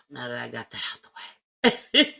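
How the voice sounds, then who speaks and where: A woman's voice: rumbling low, sing-song, slow pace, creaky, pushed and bright, low-quality recording. A woman hosting a live stream, talking casually and from the heart straight to her viewers. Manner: chatty, heartfelt, addresses viewers directly. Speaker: livestream host. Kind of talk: casual livestream talk.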